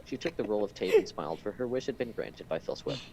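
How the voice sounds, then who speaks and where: A man's voice: on the low side, animated, fast talker, gravelly, darkish tone, slight background noise, poor audio. A man reading a comic story aloud to friends in a playful way, stopping to comment and correct himself. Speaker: story reader.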